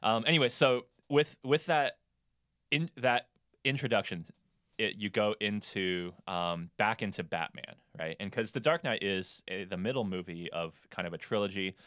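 Deep-voiced man chatting about films. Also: normal speed, fairly bright tone, dry recording, studio quality. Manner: rambling, with many fillers and restarts. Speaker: podcast co-host. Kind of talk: casual movie discussion.

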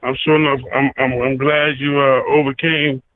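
A man hosting a casual interview, speaking in a halting way that repeats words. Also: mid-range voice, little pitch movement, a little hiss or hum. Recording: phone-like line.

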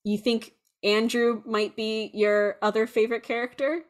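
A woman's voice: fairly high pitch, moderate pace. Young female co-host; casual, rambling delivery with lots of "like" and "um". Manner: rambling, animated, many fillers. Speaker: podcast co-host. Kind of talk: casual chat.

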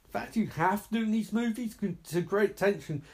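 A man's voice: high-pitched, brisk, a little mellow. A man giving live reaction commentary on a horror movie, sarcastic and exasperated, swearing freely.

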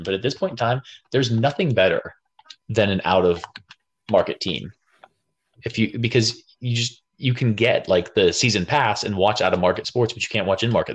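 A man's voice: lowish voice, slight background noise. A man co-hosting a podcast, chatting casually and jokingly, with many restarts. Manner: animated, joking, lots of restarts. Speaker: podcast co-host. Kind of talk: casual chat.

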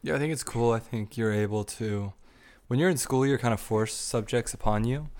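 A man co-hosting a podcast, musing out loud in a playful, relaxed chat with his partner. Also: mid-range voice, normal speed. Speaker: podcast co-host. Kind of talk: casual chat.

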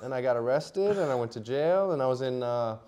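A man's voice: mid-range voice, lively intonation, brisk, a little mellow, smooth. A middle-aged man, a poker player guest, telling a story casually with lots of fillers, restarts and laughter.

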